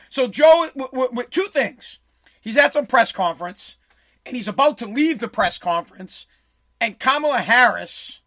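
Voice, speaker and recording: A commentator who owns a small business rants about politics over clips, his high voice sharp in tone. He's blunt and sarcastic and swears without holding back.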